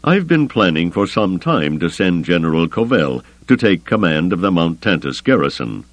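A man voicing a calm, calculating male grand admiral who speaks in a smooth, measured way, in an audiobook reading. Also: low-pitched, dry recording. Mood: soothing.

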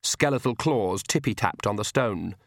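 A man reading a novel aloud in measured, steady scripted narration. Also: on the low side, no echo, clean studio sound. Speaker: audiobook narrator.

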